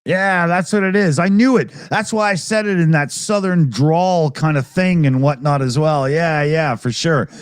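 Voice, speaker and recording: A man with a slightly high voice, talking loosely and cursing freely as he reads viewer messages on a live stream. The sound is dry and close, with no room around it. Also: moderate pace, hardly any pauses, clean tone, no room sound. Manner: rambling, loose, profane, laughs often. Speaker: podcast co-host reading super chats. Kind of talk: casual live-stream chat.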